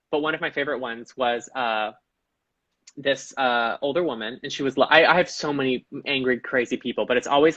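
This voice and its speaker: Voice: mid-range voice, fairly bright tone, dry recording, low-quality recording. A podcast guest chatting casually and telling anecdotes, full of "like" and "um", acting out the people they quote.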